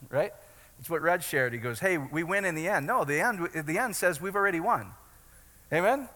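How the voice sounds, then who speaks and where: A man preaching with a high, bright, sharp voice, chatty and joking, then building up to bold declarations. His words ring out through a big hall with a long reverb. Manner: conversational preaching with jokes and rising shouts. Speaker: pastor. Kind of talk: sermon.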